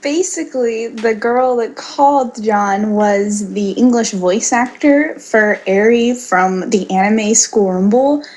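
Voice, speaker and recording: A woman's voice: on the high side, slow, hardly any pauses, darkish tone. A young woman co-hosting a casual podcast, chatting loosely and laughing sheepishly. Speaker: podcast co-host. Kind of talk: casual chat.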